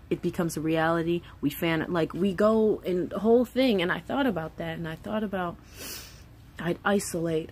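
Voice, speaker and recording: A woman's voice: medium pitch, darkish tone. Woman, 30s, mother vlogger: raw, heartfelt, foul-mouthed, light hiss. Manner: candid, emotional, swears freely, acts out quoted voices. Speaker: mother of three. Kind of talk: casual vlog monologue.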